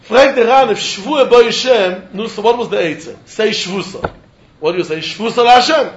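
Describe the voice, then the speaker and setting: A man's voice: high voice, moderate pace, highs cut off. A man teaching a Talmud class, in a singsong study chant. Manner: singsong study chant, mixing English with Hebrew, Aramaic and Yiddish terms. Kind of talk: yeshiva-style Talmud lecture.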